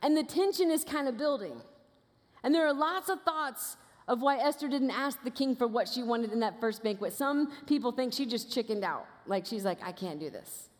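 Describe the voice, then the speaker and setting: High-voiced woman preaching, lively storyteller. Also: normal speed. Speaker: guest preacher. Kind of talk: sermon. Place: church auditorium. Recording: long reverb of a large hall.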